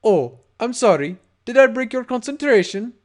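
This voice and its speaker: Brief: high, animated taunting pony thug, read by a male narrator, crude and profane. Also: normal speed. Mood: mocking. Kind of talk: fan audiobook character voice.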